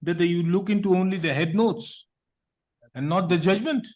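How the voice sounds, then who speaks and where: Stern high-voiced Indian judge. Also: male voice, moderate pace, a little mellow. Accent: Indian English. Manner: stern, impatient, lecturing. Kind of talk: courtroom hearing. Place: courtroom, on a video hearing feed.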